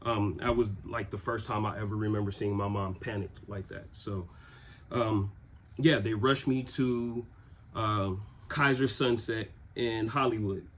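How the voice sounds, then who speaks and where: A man in his twenties from Southern California, telling a personal story in a relaxed, rambling way with many fillers. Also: fairly low pitch, unhurried, slight background noise. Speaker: vlogger. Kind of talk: casual storytelling.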